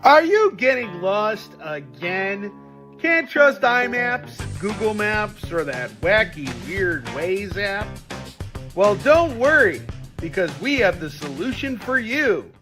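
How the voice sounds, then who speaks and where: A man's voice: high-pitched, big pitch swings, pushed and bright, soft background music, pitched above the performer's own voice, exaggerated voice. Man doing a hammy spoof ad announcer. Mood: pitching. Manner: drawn-out, salesy delivery. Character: slow, overdone male commercial announcer. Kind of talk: spoof commercial voice-over.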